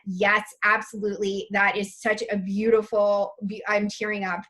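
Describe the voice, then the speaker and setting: A woman's voice: medium pitch, flat delivery, normal speed, few pauses, a bit bright. A woman presenting a live online spiritual masterclass, reading chat comments aloud and gushing over them with open emotion.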